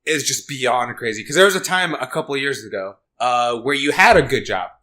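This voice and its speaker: A man's voice: mid-range voice, expressive, fairly quick, sharp tone. A man co-hosting a casual podcast chat, teasing and sarcastic as he retells a friend's story. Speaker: podcast co-host.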